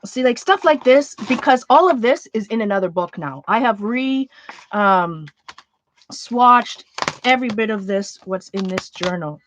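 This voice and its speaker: Sorting through her art supplies, a woman who vlogs about art journaling chats away informally, wandering off mid-sentence and restarting. Her voice is a little high with lively intonation and a slightly slow pace, against a noisy background.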